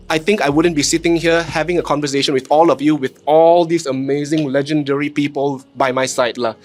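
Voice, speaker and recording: Malaysian man, animated storyteller, slightly high voice. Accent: Malaysian English. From Penang, Malaysia. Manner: animated storytelling with frequent "lah" tags and self-deprecating jokes. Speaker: content creator, panel guest. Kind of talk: casual panel talk.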